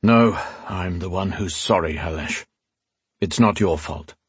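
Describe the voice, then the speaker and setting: A man voicing a powerful, weary old male ruler who speaks in a grave, measured way and sometimes growls. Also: low voice, breathy edge, no room sound, full character voice.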